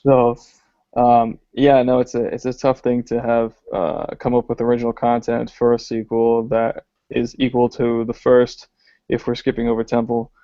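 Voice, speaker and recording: Discussing films in a casual podcast chat, this male co-host has a medium-pitched, warm voice delivered completely flat at a moderate pace. He hesitates and fills his thinking-aloud with many fillers, and the lo-fi audio is dry and dull with no room sound.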